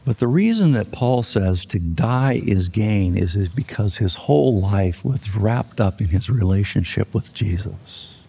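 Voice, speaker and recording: Older man preaching, gravelly and husky. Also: on the low side, animated, a little slow, hardly any pauses, dark tone. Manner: folksy, conversational, joking. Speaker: pastor. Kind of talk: sermon. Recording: long reverb of a large hall.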